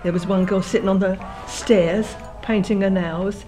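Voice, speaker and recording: A woman's voice: medium pitch, steady tone, a little slow, dark tone, faint music behind. Elderly woman recalling her childhood. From London. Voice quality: frequent restarts and repeated words while remembering. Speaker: oral history interviewee. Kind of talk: reminiscing, telling a life story.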